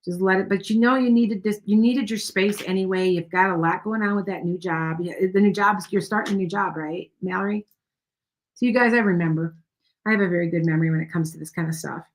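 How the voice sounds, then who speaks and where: Speaking fast in a mid-range voice, a middle-aged tarot reader chats her way through a relaxed livestream, soothing viewers and calling them by name. A slight hiss or hum runs under the recording.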